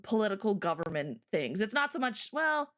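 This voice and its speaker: A woman's voice: medium pitch, sing-song, normal speed, a bit bright. A Canadian woman in casual chat as a guest, bubbly and laughing often.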